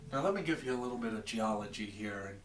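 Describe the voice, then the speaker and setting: A man's voice: on the low side, lively intonation, fast, echoey room, distant mic, slight background noise. A man from Maine rambling in a wry, exasperated rant to his camera from his basement. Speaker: vlogger. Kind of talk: comedic rant vlog. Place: home basement.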